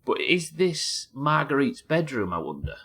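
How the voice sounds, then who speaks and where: A man's voice: mid-range voice, big pitch swings, unhurried, a bit bright, breathy edge. A British man commenting on a horror game as he plays it live, musing aloud, reading notes and chatting with viewers. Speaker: streamer.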